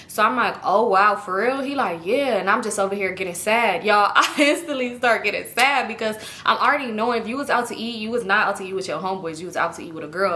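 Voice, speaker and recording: Fast-talking young woman telling a story. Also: fairly high pitch. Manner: animated, acts out both sides of a dialogue, addresses viewers directly. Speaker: vlogger telling a personal story. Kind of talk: casual storytime.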